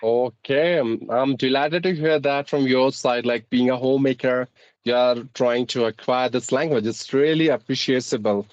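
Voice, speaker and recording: A man's voice: medium pitch, normal speed, no room sound, dull audio. A man with an Indian accent who teaches English, hosting a casual speaking-practice conversation in a formal, articulate way.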